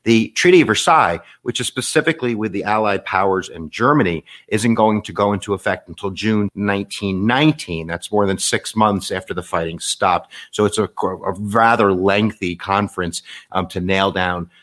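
Lively man teaching history. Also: on the low side, normal speed, hardly any pauses. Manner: animated, jokey, casual with fillers. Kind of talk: lecture.

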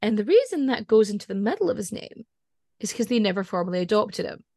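A woman's voice: medium pitch, big pitch swings, fast talker, dark tone, no echo, clean studio sound. A Scottish woman hosting a podcast in casual chat. She is chatty and digressive and laughs often. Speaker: podcast host.

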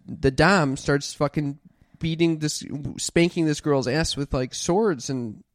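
A podcast co-host telling a story in casual chat, animated and full of restarts and "like". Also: mid-range voice, slow, no echo, studio quality.

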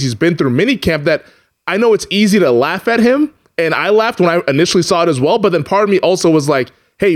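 Man co-host, chatty storyteller, a bit high-pitched. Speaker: podcast co-host, sports bettor. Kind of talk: casual sports talk.

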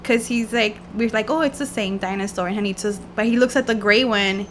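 A woman's voice: medium pitch, fairly quick, a little hiss or hum. A woman, a mother of a toddler, telling a story casually and acting out the dialogue with laughter. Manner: animated storyteller, acts out dialogue. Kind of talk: casual group chat.

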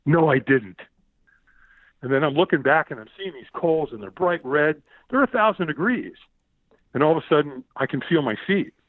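A man telling an animated story as a podcast guest, often repeating words and acting out the shouts he quotes. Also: fairly high pitch, fairly quick, no room sound. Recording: tinny phone-like line, dry.

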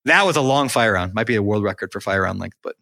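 A man's voice: on the low side, fast talker, creaky, no room sound, studio quality. A young man co-hosting a podcast, chatting casually and animatedly acting out what people say to him. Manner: animated, acts out quoted people. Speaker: podcast co-host.

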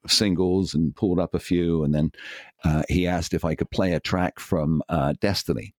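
A man's voice: low voice, a little mellow, dry recording, clean studio sound. An enthusiastic man in his sixties with an English accent, a DJ telling long stories as an interview guest and acting out the voices he quotes. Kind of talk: anecdotal interview storytelling.

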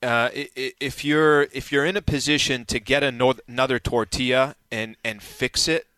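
A man co-hosting a talk radio show chats casually, rambling and restarting his sentences. His medium-pitched voice is bright, forceful, clear and resonant, with fairly even intonation at normal speed and no room sound.

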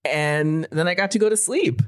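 A woman in her forties telling a story in casual podcast chat, animated and swearing freely. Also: sits low, moderate pace. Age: 40s. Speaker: podcast co-host.

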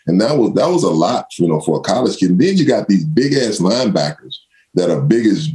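A deep-voiced older man spins loose, laughing anecdotes. His pitch swings widely, leaping high whenever he acts out what someone else said, then dropping back to a low, easy drawl. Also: brisk. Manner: animated, acts out quotes in raised voice, laughs often. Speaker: former pro football running back, guest. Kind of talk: casual storytelling interview.

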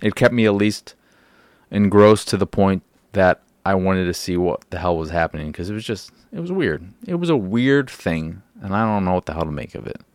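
A man hosts a casual solo podcast in a low voice, talking into a close mic. He rambles, restarts his sentences and swears casually. The sound is dry, with no room in it. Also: animated, normal speed, no room sound. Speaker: podcast host.

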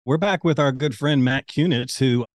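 A man co-hosting a podcast, introducing his guest in rambling, halting sentences. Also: medium pitch, no echo, clean studio sound. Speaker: podcast co-host. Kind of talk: casual interview chat.

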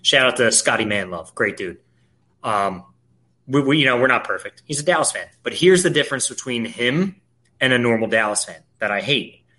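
A man rants in casual sports chat, swearing freely and hammering his points. His voice is bright and forceful. His pitch swings widely. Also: animated, moderate pace. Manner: profane, ranting, emphatic. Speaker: podcast co-host.

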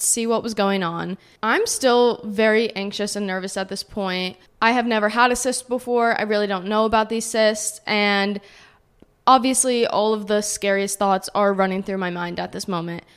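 A woman's voice: medium pitch, smooth. A young woman in her twenties, a podcast host telling a personal story in a chatty, casual way and saying "like" a lot. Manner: chatty, heavy use of "like".

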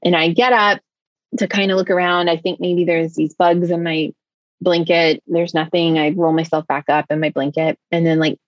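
A woman telling a personal story in conversation, rushing along with many fillers. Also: on the low side, level tone, dry recording, highs cut off. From United States. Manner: tumbling, filler-heavy storytelling with many likes. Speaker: interview guest.

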